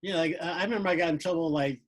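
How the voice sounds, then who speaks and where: A young Air Force veteran chatting casually, rambling with lots of fillers and restarts. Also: male voice, on the high side, very fast, poor audio. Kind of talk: casual chat.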